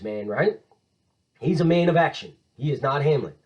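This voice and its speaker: A man's voice: on the high side, expressive, moderate pace, darkish tone, dull audio. A man teaching a casual literature lesson, enthusiastic and conversational, retelling scenes in modern slang.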